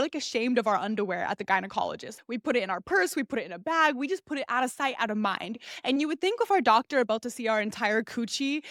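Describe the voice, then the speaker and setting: A woman's voice: a little high, fairly bright tone, dry recording, studio quality. A young woman hosting a podcast, telling a personal story in a candid, blunt, crude way. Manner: candid, blunt and crude, acts out the nurses' soothing voices. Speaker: podcast host. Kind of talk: casual storytelling monologue.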